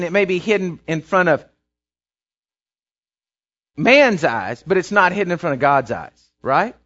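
A man's voice: high-pitched, fairly bright tone. A man preaching a sermon, telling a story and building to emphatic, repeated phrases. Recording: dull lo-fi sound.

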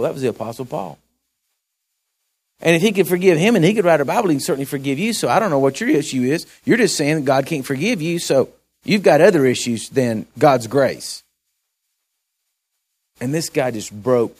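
A man preaching a sermon in a church, telling a jail story in a folksy, halting way and building to emphatic exhortation. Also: mid-range voice, animated, a little mellow. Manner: folksy, halting delivery with repeated restarts. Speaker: pastor.

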